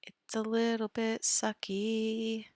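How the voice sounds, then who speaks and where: A woman's voice: fairly high pitch, completely flat delivery, slow, a little mellow, dry recording, studio quality. A woman hosting an astrology live stream, chatting casually and muttering half-whispered asides to herself while she fixes her screen sharing. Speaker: astrology show host.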